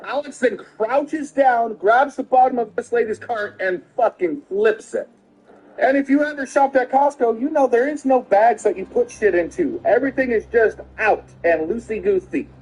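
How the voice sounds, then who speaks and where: A middle-aged father telling a story casually, animated and laughing often, acting out the quotes. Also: very high-pitched, moderate pace, poor audio.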